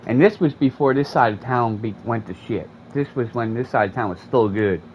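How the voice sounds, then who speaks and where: A man, a gaming streamer, rambles through a profane story in loose, animated chat. His voice sits mid-range for a man. A dull, lo-fi mic carries it over a faint hum of air conditioning. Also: medium pitch, brisk. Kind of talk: casual storytelling while playing.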